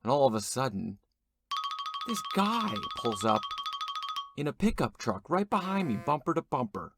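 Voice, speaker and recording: A man, an actor and guest, telling an absurd comedic story in a rambling, deadpan way with fillers and restarts. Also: mid-range voice, moderate pace, over loud music.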